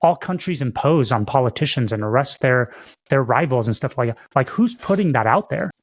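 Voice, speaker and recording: A man's voice: medium pitch, expressive, a little fast, no echo, studio quality. A man co-hosting a podcast, friendly and asking leading questions. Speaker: podcast co-host. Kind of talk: casual podcast talk.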